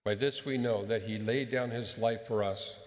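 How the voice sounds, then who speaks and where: A man's voice: fairly low pitch, fairly even intonation, a little mellow. Man preaching in a reverberant hall. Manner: emphatic, measured preaching with rhetorical questions. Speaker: pastor. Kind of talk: sermon.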